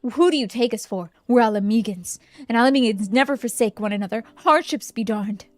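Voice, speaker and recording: A woman's voice: on the high side, fairly quick, darkish tone, dry recording, lightly acted. Woman doing a proud, loyal rebel soldier. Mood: defiant.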